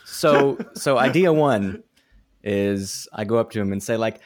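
A man playing a tabletop game, thinking out loud and hesitant as he plans. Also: fairly low pitch, unhurried. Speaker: player.

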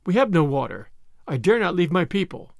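Male narrator voicing a steady earnest man, firm, audiobook, high voice, dry sound. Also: a little fast, creaky, dry recording, full character voice. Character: the narrator's brother, a steady man in a panicked crowd.

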